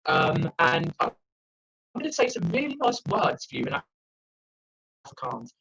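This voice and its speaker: A man's voice: very high voice, sing-song, a little slow, vocal fry, pushed and bright, low-quality recording. A young man from South Africa doing profane, rambling stand-up from a friend's house over a video call. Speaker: stand-up comedian. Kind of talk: online open-mic stand-up.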